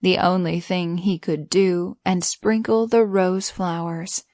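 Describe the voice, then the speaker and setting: Woman storyteller, bedtime reading, very slow, soothing, dry close sound. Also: fairly low pitch, steady tone, darkish tone, dry recording.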